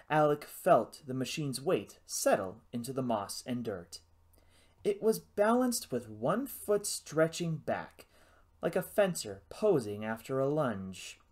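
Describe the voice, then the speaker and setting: Animated male audiobook narrator. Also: mid-range voice. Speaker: audiobook reader.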